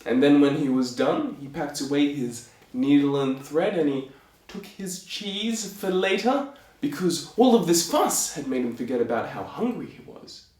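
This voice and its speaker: A man's voice: fairly high pitch, lively intonation, moderate pace, a little mellow. A man telling a fairy tale in a casual, playful way, with chatty asides to the listener. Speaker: storyteller. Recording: echoey room.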